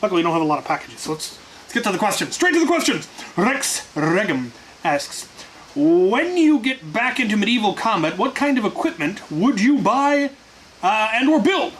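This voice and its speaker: A man's voice: high-pitched, expressive, normal speed, poor audio. A man hosting a casual viewer Q&A, answering in a dry, offhand way with restarts and fillers. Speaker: host answering viewer questions. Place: workshop. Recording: faint hiss.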